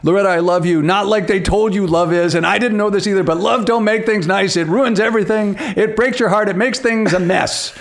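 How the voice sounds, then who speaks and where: A melodramatic male baker pours out his grievances and passions in declamatory bursts. His voice sits on the high side, as a man puts him on while retelling a film. He stays overwrought and theatrical throughout. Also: brisk, few pauses. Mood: impassioned.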